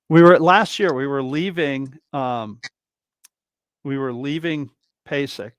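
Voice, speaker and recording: Animated storytelling man, slightly high voice. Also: no room sound. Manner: animated, acts out other people's lines in a raised voice; rambling, many restarts and fillers. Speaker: guest drummer. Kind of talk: casual interview storytelling. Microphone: video call livestream mic.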